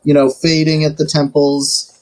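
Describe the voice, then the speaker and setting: Man player, joking tabletop banter, slightly high voice. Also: monotone, moderate pace, low-quality recording. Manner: playful, joking. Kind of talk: casual tabletop game chat.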